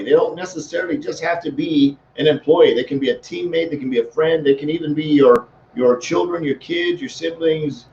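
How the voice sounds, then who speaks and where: A man's voice: a little high, a little mellow, slight background noise. A man talking as a leadership coach in a casual live-stream, rambling with many restarts. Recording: echoey room, dull lo-fi sound.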